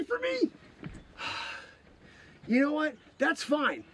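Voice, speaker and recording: A man hosting an improvised comedy stream, sounding a bit hoarse, swinging from mock-outraged shouting to low muttering. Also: wildly swooping pitch, takes it slowly, long pauses, a little hiss or hum. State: hoarse, losing his voice.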